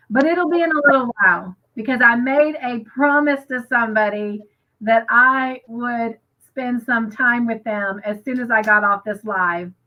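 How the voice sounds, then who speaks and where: A woman co-hosting a crochet livestream, gushing excitedly and reading viewer comments aloud. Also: a little high, highs cut off. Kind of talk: casual live chat, reading comments.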